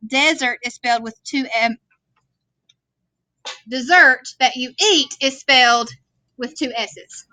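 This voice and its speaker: A woman's voice: sits high, bright, forceful tone, no echo. A woman teaching a vocabulary lesson, patiently explaining words and checking in with "okay?". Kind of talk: classroom worksheet lesson. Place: classroom screen recording.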